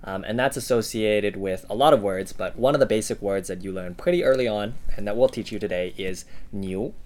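Low-pitched man explaining words casually. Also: a little mellow. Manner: easygoing, hesitant with frequent ums and uhs. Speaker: language teacher co-host. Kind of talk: casual instructional podcast.

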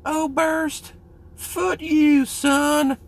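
A man imitating a high-voiced, religious Southern male Marine who scolds people without ever swearing. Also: little pitch movement, very slow, heavily acted. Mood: mock scolding.

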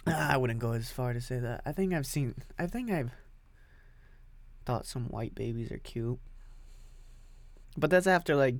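A man holds forth alone on his podcast, rambling from one thought to the next with no script. His voice sits in an ordinary middle range, and he curses freely and bursts out loudly now and then. The sound is dry, with no room echo. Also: mid-range voice, moderate pace, gravelly, long pauses. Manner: crude, profane, rambling, with loud sudden outbursts. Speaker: podcast host. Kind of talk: unscripted solo podcast rant.

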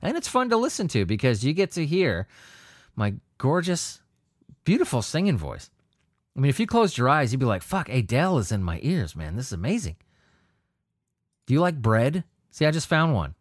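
A man rants through news stories on his own show, swearing freely and tripping over his words as he gets worked up. His pitch swings widely from low grumbles to high outbursts. The sound is dry and close, with no room around it. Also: moderate pace, no echo. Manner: profane, animated ranting with frequent restarts. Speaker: podcast host reading news. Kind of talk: solo commentary on news articles.

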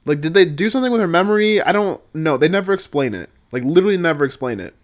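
A man giving a casual, profane recap, blunt and exasperated, swinging between low muttering and loud outbursts. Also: animated, quick pace. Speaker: video creator reviewing a game.

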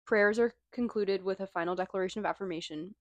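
Speaking fast at a medium pitch, this young podcast co-host from Missouri reads through her notes during a casual chat. Her delivery is dry and matter-of-fact.

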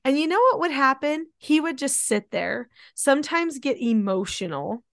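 A woman in her forties talks casually as a host and mother. Her voice sits a little high, and she speaks in a chatty, animated way. The recording is close and completely dry, with no room sound. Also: normal speed, no echo. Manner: chatty, animated, acts out quotes. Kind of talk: casual conversation.

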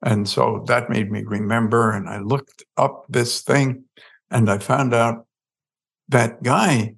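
A man, a podcast guest, telling a story in an animated way and acting out the dialogue. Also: medium pitch, slow pace, creaky, slightly rough. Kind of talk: storytelling in an interview.

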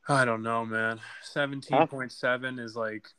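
A man's voice: mid-range voice, fairly even intonation, moderate pace, bright, forceful tone, smooth. A man co-hosting a casual fantasy football recap, blunt and trash-talking, laughing easily. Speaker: podcast co-host.

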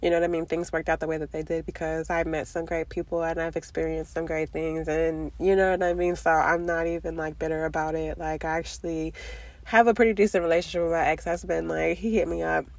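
Congested, gravelly woman in her twenties. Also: low voice, flat delivery, fairly quick, darkish tone, no echo. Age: 20s. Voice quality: nasal. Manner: rambling, filler-heavy, candid. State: congested, under the weather. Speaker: vlogger. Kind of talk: casual confessional vlog.

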